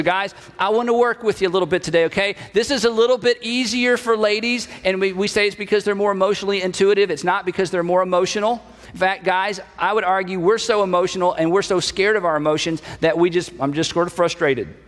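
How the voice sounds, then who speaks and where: A man's voice: high-pitched, a bit bright, long reverb tail. A male pastor giving a conversational sermon, acting out short bits of inner dialogue.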